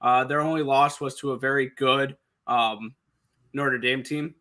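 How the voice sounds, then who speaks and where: Bright-voiced man giving betting picks. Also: mid-range voice, steady tone. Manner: fast, number-heavy with frequent restarts. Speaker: sports betting co-host. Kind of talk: casual picks talk.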